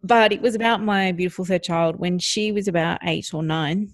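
A middle-aged woman tells a family story on a podcast in a gentle, unhurried way. Her voice sits low, and the recording is dry and close, with no room sound. She lifts her voice now and then to act out her child. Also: no echo. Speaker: podcast co-host. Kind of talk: casual storytelling on a parenting podcast.

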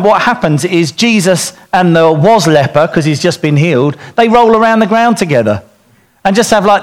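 A middle-aged man giving an informal sermon to dads, telling stories in an animated way and acting out the quotes. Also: a little high. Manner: animated storytelling, acts out quotes. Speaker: speaker at a church talk for dads.

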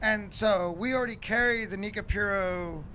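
A man chatting excitedly on a casual drinks talk show, cracking jokes and cutting in on others. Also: sits high, normal speed, slight background noise. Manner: excitable, jokey, interjects often. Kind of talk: casual chat. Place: studio with several guests.

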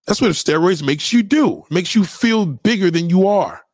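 A man's voice: sits high, expressive, moderate pace, darkish tone, dry recording, studio quality. A man ranting to viewers in a profane, preachy and conspiratorial way, repeating himself for emphasis. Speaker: vlogger giving opinions. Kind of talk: profane rant to camera.

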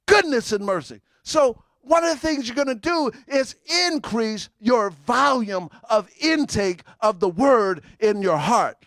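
A middle-aged man preaching with a high, ringing voice. He calls to the congregation for amens and punches certain words with sudden shouts. The sound is close and dry, with no room echo. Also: lively intonation, measured pace, few pauses. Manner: call-and-response preaching, sudden shouted emphasis. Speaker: pastor. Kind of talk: sermon.

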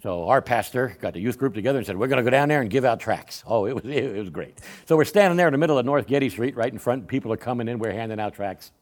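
Older man, folksy church storyteller, lively pitch, lots of restarts. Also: fast, hardly any pauses. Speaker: Sunday school speaker. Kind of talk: storytelling testimony in a church class.

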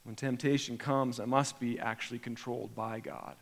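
A man preaching a sermon, animated, acting out imagined prayers with sudden rises in pitch and volume. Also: moderate pace, creaky. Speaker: pastor. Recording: long hall reverb.

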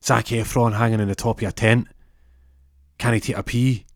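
A man's voice: medium pitch, fairly even intonation, normal speed, no echo, clean studio sound, lightly acted. A man voicing a desperate young man who pleads his case in a courtroom with an impassioned, rising speech. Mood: indignant.

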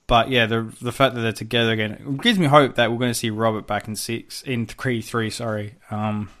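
A man's voice: medium pitch, steady tone, fairly quick, a bit bright. A man co-hosting a podcast in casual chat, recapping a film in a rambling way with restarts and casual swearing. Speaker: podcast co-host.

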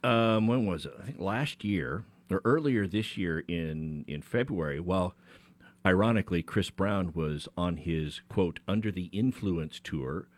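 A man's voice: deep voice, expressive, measured pace, dry recording. A man co-hosting a radio talk show as an attorney, explaining a legal case in a conversational way with frequent restarts. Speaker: attorney co-host.

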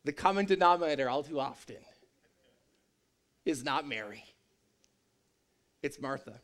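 A man's voice: fairly high pitch, animated, unhurried, a bit bright. A man preaching a sermon in a conversational, joking and emphatic way. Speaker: pastor.

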